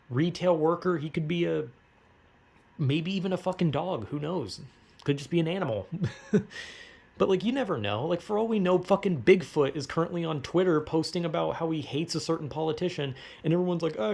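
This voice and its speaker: A man's voice: a little high, a little mellow. A young man vlogging from home, rambling in a casual monologue full of filler words and swearing, laughing between thoughts. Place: at home, cooking.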